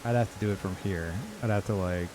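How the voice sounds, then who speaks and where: A man streaming a game with live commentary, swearing and incredulous, jumping between loud outbursts and low mutters. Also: quick pace, heavy background noise.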